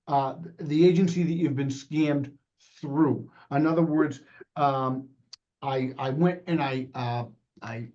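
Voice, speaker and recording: A man presenting on a video call, talking fast and plainspoken, with many fillers. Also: fairly high pitch, mellow, lo-fi sound. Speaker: sheriff's department presenter.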